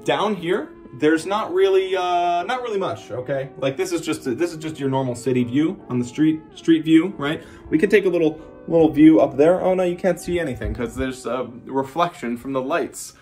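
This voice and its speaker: A man giving a casual vlog tour of a hotel suite, rambling with sarcastic jokes and deadpan asides. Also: on the high side, moderate pace, hardly any pauses, soft background music. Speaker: vlogger.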